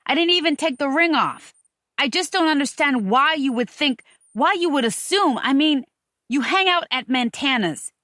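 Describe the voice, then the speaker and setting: A woman voicing a smooth, patronizing American man who keeps soothing his lover with pet names. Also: medium pitch, big pitch swings, unhurried, a bit bright, no room sound, studio quality. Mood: defensive. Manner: soothing, condescending endearments.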